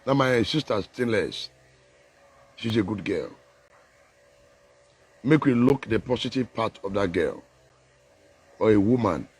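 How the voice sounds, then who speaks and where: A man speaking Nigerian Pidgin mixed with English in a loose, animated live chat about politics, laughing often and preaching a little. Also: lowish voice, unhurried, pauses often, slightly rough. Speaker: political commentator.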